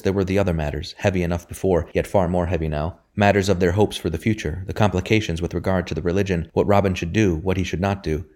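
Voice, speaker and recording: A man narrating a novel chapter in a measured, even storytelling manner. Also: sits low. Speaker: audiobook narrator.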